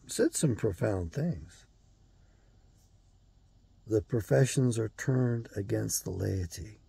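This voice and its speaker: Gravelly, gruff older man ranting. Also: fairly low pitch, mellow, dry recording. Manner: blunt, profane, ranting. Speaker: show host. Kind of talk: angry monologue to camera.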